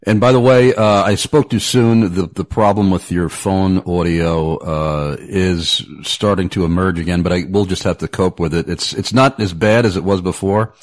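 Deep-voiced male radio talk host. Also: steady tone, normal speed, hardly any pauses. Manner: chatty, repeats words, laughs easily. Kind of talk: casual radio talk show conversation.

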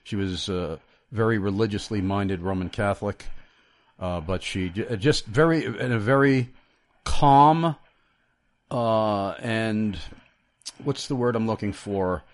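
Middle-aged man, radio host, low pitch, earnest, halting, dry close-miked sound. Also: dry recording. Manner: earnest, halting, many fillers. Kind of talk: radio interview.

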